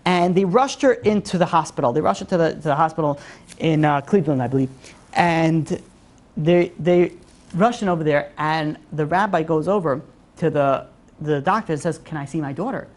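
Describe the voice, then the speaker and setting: Woman giving a torah-style lesson, lowish voice, chatty storyteller, fillers everywhere. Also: moderate pace. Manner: animated storyteller, acts out quotes with big pitch jumps; many "you know, like" fillers. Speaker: religious class teacher.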